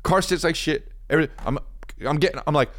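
A man's voice: fairly high pitch, a little fast, fairly bright tone. A man, a comedian and podcast host, telling a rambling, self-mocking story in casual chat.

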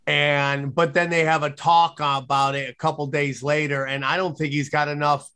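A man's voice: a little high, flat delivery, moderate pace, pushed and bright, clean tone. A man co-hosting a finance talk show, blunt, profane and opinionated. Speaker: co-host. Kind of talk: casual podcast chat.

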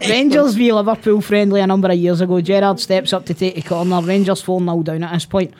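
A man's voice: sits high, fairly even intonation, fast, darkish tone. A Scottish man co-hosting a casual chat, trading sweary stories and laughing often. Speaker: podcast co-host.

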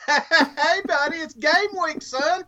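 A man's voice: extremely high pitch, takes it slowly, sharp tone. A man co-hosting a casual sports podcast, playful and laughing a lot. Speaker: podcast co-host.

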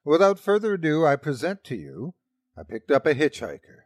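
A man's voice: a little high, huge pitch swings, moderate pace, no room sound. A man hosting a podcast, giving theatrical, dramatic narration of horror stories. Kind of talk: scripted horror story narration.

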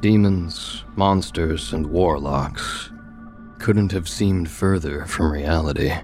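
Very deep-voiced male horror narrator. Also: unhurried, faint music behind.

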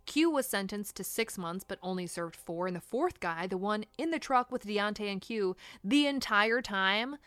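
A woman's voice: medium pitch, a bit bright, dry recording. Blunt, indignant woman narrating true crime. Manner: blunt, indignant, swears for emphasis. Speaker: true crime podcast host.

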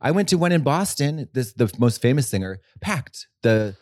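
A man's voice: mid-range voice, big pitch swings, normal speed, a little mellow, no echo, studio quality. A man co-hosting a podcast in casual chat, rambling and swearing, with many restarts and fillers. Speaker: podcast co-host.

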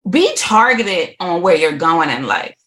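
A woman's voice: lowish voice, sing-song, measured pace, a bit bright. A middle-aged woman, a podcast guest, telling her life story with animation, laughing often and acting out quoted voices.

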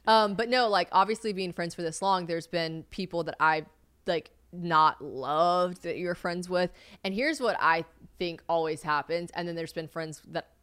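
A woman's voice: on the low side, normal speed, fairly bright tone, clean tone. A young woman hosting a podcast in casual chat, telling stories with lots of swearing and acted-out quotes. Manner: swearing, storytelling, acts out quotes. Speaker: podcast host.

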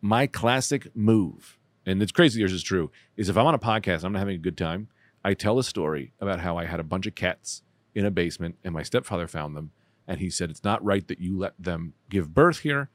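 A man hosting a comedy podcast, rambling and self-mocking, swinging between loud bursts and mutters. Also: sits low, lively intonation, a little fast, dry recording. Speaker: podcast host. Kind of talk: casual comedic chat.

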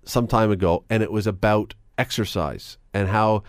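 A man hosting a talk radio show, chatty and animated, with quick asides. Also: on the low side, no echo, clean studio sound. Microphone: studio microphone.

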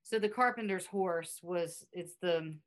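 A woman's voice: lowish voice, measured pace. A woman hosting a podcast in casual chat, reading out facts and quotes with chatty asides. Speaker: podcast host.

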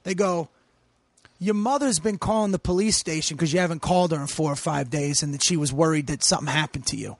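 A man's voice: a little high, fast talker, no room sound. A man in his forties telling a profane story in casual podcast talk, acting out the people he quotes. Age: 40s. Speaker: comedian guest.

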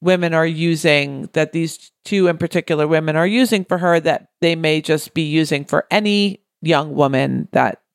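A woman's voice: low-pitched, normal speed, hardly any pauses, no echo, studio quality. A woman co-hosting a casual talk show, working through a listener's problem by asking herself questions. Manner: thoughtful, asks herself questions. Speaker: podcast co-host. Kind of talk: casual chat.

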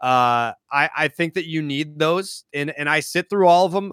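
A man's voice: a little high, normal speed, hardly any pauses, fairly bright tone, smooth, no room sound, clean studio sound. A man in his thirties, a podcast guest in casual chat, rambling and leaning on filler words. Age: 30s. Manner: rambling, heavy use of "like" filler.

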